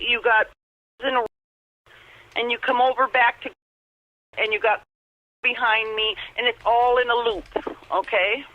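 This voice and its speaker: Middle-aged lady on a tinny phone line, rambles and restarts, earnest. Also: on the high side. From Upper Michigan. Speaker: caller telling an encounter story. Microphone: telephone.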